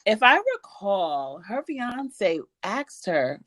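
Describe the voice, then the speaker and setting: A woman co-hosts a casual podcast and recaps a reality show, acting out the cast's lines as she goes. Her pitch swoops widely and she sounds animated. The recording is dry and close. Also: takes it slowly, dry recording. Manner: animated, acts out cast members' lines. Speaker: podcast co-host.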